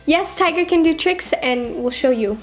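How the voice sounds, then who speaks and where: A woman's voice: high-pitched, animated, moderate pace, soft background music. A young woman in casual chat, reading fan questions aloud and answering them with lots of giggling.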